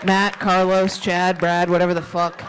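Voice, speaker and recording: On a comedy club stage, a female stand-up comedian with a lowish, fairly flat voice does brash, profane, teasing crowd work at a moderate pace. The recording has a roomy club sound captured from a distance, with a laughing audience making noise in the background.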